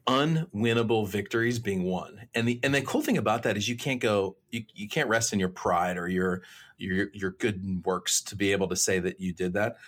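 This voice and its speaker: A man with a husky, somewhat low voice shares faith stories on a talk show. He tells them animatedly and often restarts his sentences. He sounds like a preacher speaking in ordinary conversation. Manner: animated storyteller, many restarts. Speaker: guest.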